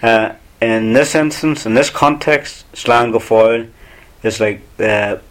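Irish-language teacher: a man with an Ulster Irish accent, calm and patient, mid-pitched. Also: slow pace. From Ulster, Ireland. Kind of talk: explanatory teaching.

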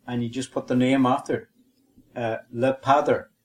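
A man's voice: medium pitch, level tone, moderate pace. A man with a Northern Irish accent co-hosting a podcast, teaching a language lesson methodically and spelling and repeating words.

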